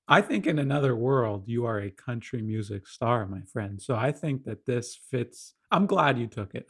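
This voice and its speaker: A man's voice: medium pitch, fairly bright tone. A man co-hosting a podcast, giving amused, wry reactions in casual comedic chat. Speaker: podcast co-host.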